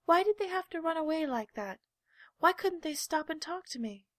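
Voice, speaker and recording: A woman's voice: big pitch swings, a little fast, fairly bright tone, no room sound, studio quality, heavily acted. Woman playing the Velveteen Rabbit, timid and pleading. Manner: high, pleading and insistent. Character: timid little male toy rabbit, longing to be real. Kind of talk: storybook reading.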